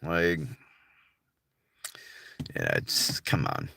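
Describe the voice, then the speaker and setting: A man's voice: low voice, very animated, very slow, gravelly, bright, forceful tone. A man with a General American accent, chatting casually on a livestream in a laid-back, rambling way full of filler words. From United States.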